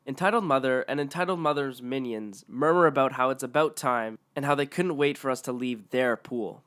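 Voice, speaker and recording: A man's voice: mid-range voice, brisk, few pauses, fairly bright tone, smooth. A man narrating online stories aloud in a matter-of-fact way.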